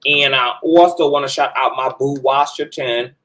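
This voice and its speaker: A man's voice: medium pitch, fairly even intonation, moderate pace, a bit bright, poor audio. Flamboyant, profane male commentary host. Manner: flamboyant, profane, playful asides to viewers. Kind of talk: casual commentary chat.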